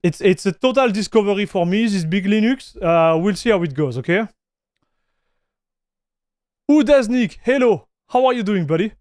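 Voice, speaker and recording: A man's voice: sits high, lively intonation, moderate pace, pauses often, darkish tone, no echo, clean studio sound. A man streaming live, chatting casually, greeting viewers and reading their chat messages aloud, often restarting his sentences. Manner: frequent restarts and fillers.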